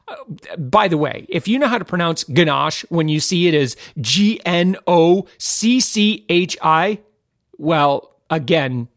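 A man hosting a money-saving talk, reading chefs' tips with chatty asides and self-corrections, then pitching a membership. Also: a bit bright, no echo, clean studio sound. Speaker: host of a money-saving channel.

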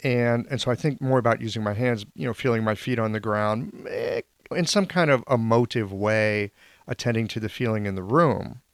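A man with a gravelly, creaky voice hosts a casual conversation. He is wry and self-deprecating and asks probing questions. The recording is dry and close. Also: mid-range voice, moderate pace, dry recording.

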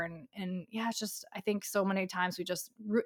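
A woman's voice: mid-range voice, fast, few pauses, a bit bright. A woman in casual chat, talkative and candid, filling her talk with "like". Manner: talkative, heavy use of "like", candid and emphatic.

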